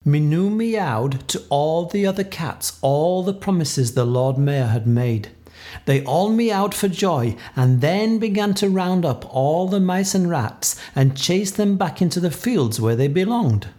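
A man reads a children's storybook aloud in a playful, expressive way. His voice sits a touch high, and he swings his pitch up and down to bring the scenes to life. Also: a little slow. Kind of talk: storybook read-aloud narration.

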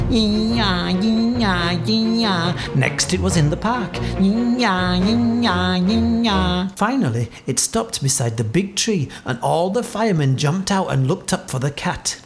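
A woman reading a children's story aloud with expressive delivery. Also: low-pitched.

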